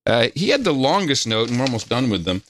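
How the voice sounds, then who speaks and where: A man hosting a podcast, reading out listener donations and notes in a casual, halting way with many filler pauses. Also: mid-range voice, sing-song, a bit bright, a little hiss or hum. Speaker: podcast host.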